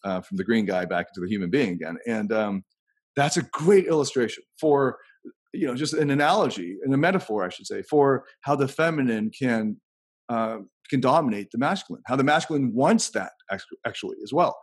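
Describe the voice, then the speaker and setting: A man's voice: mid-range voice, lively intonation, a little fast, husky. A man hosting a casual podcast conversation, rambling and thinking aloud as he tells anecdotes.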